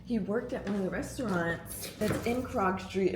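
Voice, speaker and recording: A young woman in her twenties vlogging to camera, telling stories in a casual, animated way with plenty of slang, swearing and laughter. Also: mid-range voice, measured pace, a little hiss or hum.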